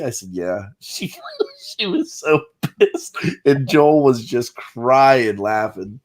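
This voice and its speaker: A man's voice: medium pitch, sing-song, slow, darkish tone. A man with a mid-range voice telling a story on a casual stream. He acts out everyone's lines as he goes and keeps it loose and amused. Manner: storytelling, acts out quotes, laughs through it.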